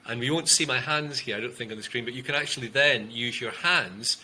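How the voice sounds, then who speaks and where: A man, a communication coach, explaining ideas in an interview and demonstrating tone with loud and soft delivery and long pauses. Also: mid-range voice, a little hiss or hum, poor audio. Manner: demonstrative, shifts loudness and uses long pauses to show tonality.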